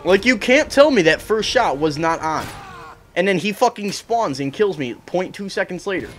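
Young guy raging at a shooter game, cursing a lot, voice jumps up and down, bit higher pitched. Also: animated, normal speed. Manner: swearing, ranting, frustrated. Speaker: gaming streamer. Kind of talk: angry gameplay commentary.

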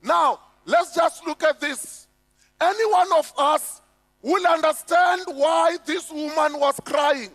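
South African pastor, emphatic sermon, unhurried delivery, echoey hall. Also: male voice, very high voice, fairly bright tone. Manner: emphatic preaching, rhetorical questions to the congregation. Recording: echoey hall with faint music.

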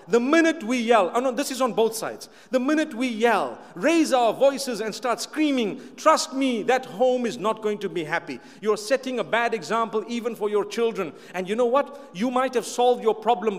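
A man preaching a sermon to a live audience, emphatic and repetitive, with light humorous asides. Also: high-pitched. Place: large hall with an audience. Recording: long hall reverb.

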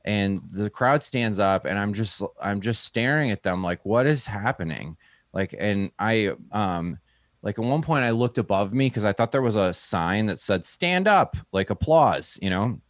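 A man who is a comedian, telling a story in a relaxed interview and acting out the people he quotes in a higher voice. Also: a little slow, no room sound, studio quality. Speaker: stand-up comedian, guest.

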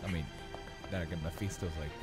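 A man hosting an anime reaction video, excitably thinking out loud and laughing often. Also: sits low, fast talker, loud music behind the voice. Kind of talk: live reaction commentary.

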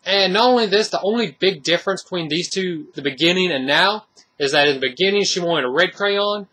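A man with a somewhat high, bright, forceful voice talks through a horror movie review in loose, casual speech. He rambles, circles back and leans on filler words. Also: a little fast. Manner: rambling, many fillers and restarts.

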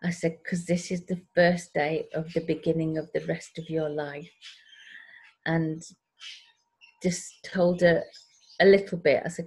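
A woman with a deep, slightly rough voice speaks unhurriedly and pauses often. On a casual group video call, she shares a rambling personal story and acts out the voices of the people she quotes.

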